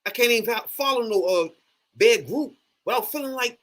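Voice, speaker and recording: Animated man ranting with a bright voice. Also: extremely high pitch, normal speed. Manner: animated, profane, exasperated ranting. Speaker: sports fan vlogger. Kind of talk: casual ranting monologue.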